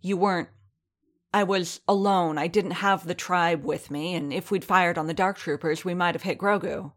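A woman reading the lines of an angry, restrained male warrior in a low, tense voice. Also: fairly even intonation, moderate pace, close to an everyday voice.

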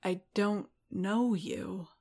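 A woman reading the lines of a heartbroken, shaken warrior man in a hushed, faltering voice. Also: on the low side, fairly even intonation, measured pace, natural voice.

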